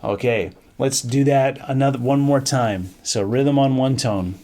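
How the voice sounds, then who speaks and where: Man, middle-aged, band teacher, counts off beats, sings rhythms aloud, mid-pitched. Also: a little slow. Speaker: band director teaching music. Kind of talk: instrument lesson with counting.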